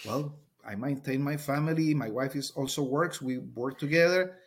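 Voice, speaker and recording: A middle-aged man with a Colombian Spanish accent speaks in a husky, slightly breathy voice at an ordinary pitch. He explains his points earnestly, restarting and repeating words as he looks for the right phrasing. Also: moderate pace. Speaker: teacher. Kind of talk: interview conversation.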